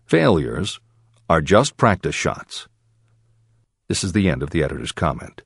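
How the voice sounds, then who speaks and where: A man reading a self-help audiobook aloud in measured, expressive storytelling. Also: extremely low pitch, creaky, slightly rough, no room sound, clean studio sound. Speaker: audiobook narrator. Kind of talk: scripted audiobook narration.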